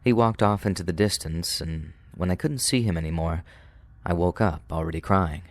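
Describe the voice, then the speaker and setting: Man, very deep voice, dry close sound, calm scripted horror narration. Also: normal speed, dry recording.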